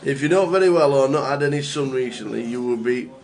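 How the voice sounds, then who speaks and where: A man co-hosting a live stream in a playful, jokey way. His voice is mid-pitched, and his talk is loose, casual banter. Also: fast, vocal fry, darkish tone. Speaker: co-commentator.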